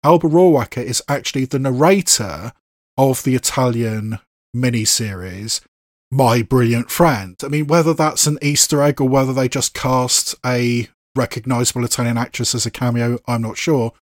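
A man's voice: medium pitch, normal speed, dry recording. Thoughtful male film reviewer, dry sound. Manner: thoughtful, digressive, with filler phrases.

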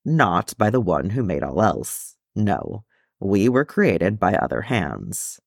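A man voicing a stern, proud dwarf who speaks with slow, measured solemnity. The low voice has a gravelly edge, and the pitch moves a great deal. It is a dry, close storybook recording. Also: sing-song, no echo, heavily acted. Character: stern proud male dwarf, weary and stoic.

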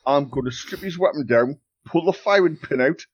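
A man's voice: a little high, moderate pace, slightly rough, dry recording, lo-fi sound. A man playing a tabletop game, scheming and joking with the table. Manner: animated, scheming and jokey. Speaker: player. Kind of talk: casual tabletop game play.

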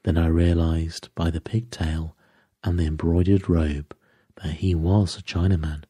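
A man doing a hushed, shaken aristocratic lady. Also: low-pitched, flat delivery, measured pace, husky, no echo, clean studio sound. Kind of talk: audiobook character voice.

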